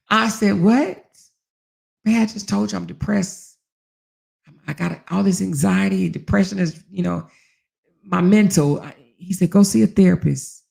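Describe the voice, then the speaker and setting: Animated woman telling a story, gravelly. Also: mid-range voice. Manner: animated, acts out dialogue, swears. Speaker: host. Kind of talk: casual storytelling monologue.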